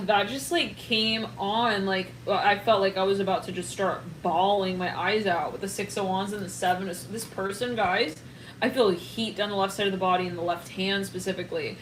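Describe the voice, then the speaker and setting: A woman gives a rambling, excitable tarot reading, often laughing and breaking off mid-thought. Her voice sits at a middling pitch. The sound is roomy and echoey, with clear noise underneath. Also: moderate pace. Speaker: tarot reader. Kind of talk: casual tarot reading to camera.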